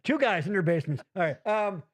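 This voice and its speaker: A high, lively man's voice hosting a casual comedy podcast from a basement. He rambles through gripes and chat comments and swears freely. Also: a little fast. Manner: profane, animated, rambling, reads chat comments aloud. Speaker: podcast host. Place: home basement.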